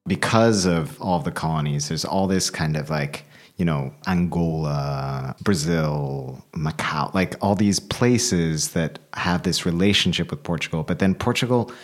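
A man's voice: sits low, unhurried, few pauses. A man co-hosting a casual chat, rambling and searching for words as he talks. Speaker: co-host.

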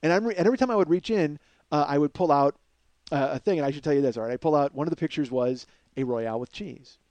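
A man telling a story as podcast host in an animated, profane, energetic way. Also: fairly high pitch, quick pace, dry recording.

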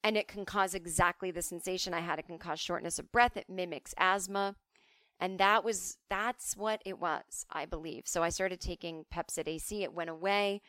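A woman's voice: lowish voice, fairly even intonation, moderate pace, fairly bright tone, no echo, clean studio sound. A woman hosting a podcast who tells comic stories in a chatty, self-mocking way and swears freely. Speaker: podcast host. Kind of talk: casual comic storytelling.

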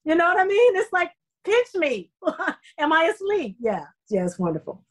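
A middle-aged woman, a soap opera actress, telling stories in a casual interview, effusive and animated with many fillers. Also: extremely high pitch, normal speed, low-quality recording.

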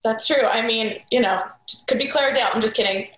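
A woman co-hosting a podcast, asking quick, playful questions in a casual chat. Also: fairly high pitch, a bit bright. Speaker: podcast co-host interviewer. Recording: roomy echo.

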